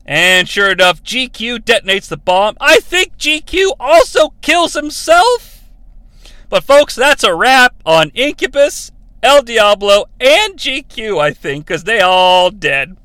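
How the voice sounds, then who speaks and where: Brief: bright, sharp-toned male podcast host, sarcastic and swearing, roasting a film. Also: extremely high pitch, slow, smooth, dry recording. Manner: sarcastic, profane, animated retelling. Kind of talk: comedic movie recap.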